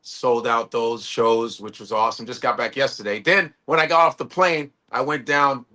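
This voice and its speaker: A man's voice: medium pitch, moderate pace. A man, a comedian, telling stories in casual chat on a video call and acting out what people said. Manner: animated storytelling with acted-out quotes.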